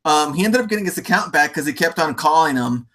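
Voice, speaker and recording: A man hosting a casual livestream, relaxed and full of fillers, laughing easily. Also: on the high side, quick pace. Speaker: livestream host.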